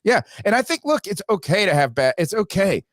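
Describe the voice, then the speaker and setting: A man's voice: sits high, big pitch swings, a little fast, fairly bright tone, no echo, clean studio sound. A man hosting a casual sports podcast, reading out viewer donations and giving blunt opinions with frequent restarts. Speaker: podcast host.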